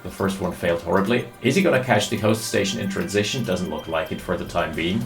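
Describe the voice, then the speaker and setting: Excitable male game caster, lowish voice, roomy sound, faint music behind. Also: fast. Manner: excitable, thinking aloud. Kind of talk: live game commentary.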